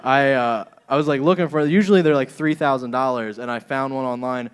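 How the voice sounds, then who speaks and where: A man's voice: medium pitch, steady tone, normal speed, fairly bright tone, clean tone. Crude rambling stand-up comedian man. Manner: crude, rambling, laughs at own jokes. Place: comedy club stage.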